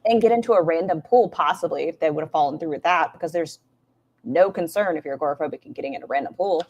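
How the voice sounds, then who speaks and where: Lady streamer, lowish voice, snarky reactions, swears a lot and talks to chat. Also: fast talker, a little mellow, a little hiss or hum. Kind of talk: casual live-stream commentary.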